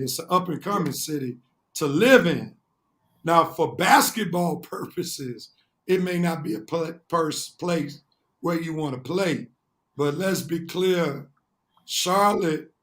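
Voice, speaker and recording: A man's voice: on the high side, fairly bright tone. A man co-hosting a sports talk show, explaining his points at length and in earnest. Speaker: co-host.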